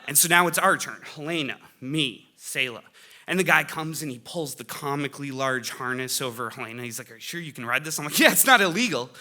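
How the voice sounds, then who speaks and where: A middle-aged man telling a comic family story on stage, animated, with loud bursts of excitement. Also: medium pitch, brisk. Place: stage before a live audience.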